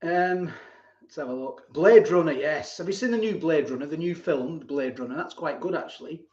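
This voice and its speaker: A man's voice: fairly high pitch, moderate pace, a little mellow. Chatty man, roomy dull audio. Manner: chatty, reads out viewer comments, laughs often, reminisces. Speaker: live stream host. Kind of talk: casual live-stream chat. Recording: roomy, slightly dull live-stream audio.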